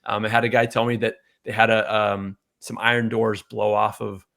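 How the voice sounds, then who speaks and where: A man hosting a casual podcast chat, telling a rambling story and getting animated when he quotes people. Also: lowish voice, normal speed, creaky. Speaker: podcast host.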